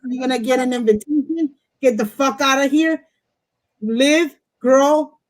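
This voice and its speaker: A woman's voice: fairly high pitch, poor audio. A woman reading tarot on a live stream, talking bluntly and swearing freely. She leans straight into the listener and gets fired up when something strikes a nerve. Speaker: host, tarot reader.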